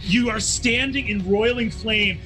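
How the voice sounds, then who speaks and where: A man narrating a tabletop game as game master, excitable and cheering his players on. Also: high voice, unhurried, loud music behind the voice.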